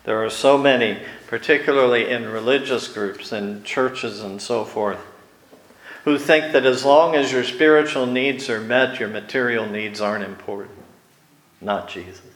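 A man preaching a sermon, slow and deliberate, growing animated when he acts out the scene. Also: mid-range voice, echoey room, low-quality recording.

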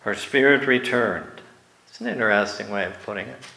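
A man preaching a sermon, slow and deliberate, growing animated when he acts out the scene. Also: lowish voice, creaky, reverberant, low-quality recording.

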